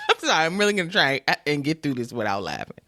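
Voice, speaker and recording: In a casual podcast chat, this female co-host reads the news aloud between laughs, giggly throughout. She speaks quickly in a low-pitched, sing-song way with a bright, forceful tone, and the studio-quality recording is dry.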